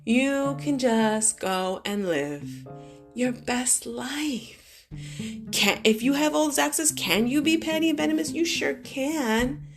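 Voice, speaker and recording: A woman's voice: high-pitched, expressive, slow. A woman vlogger giving a motivational monologue to her followers, talking emphatically with shifting pace. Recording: guitar music playing behind the voice.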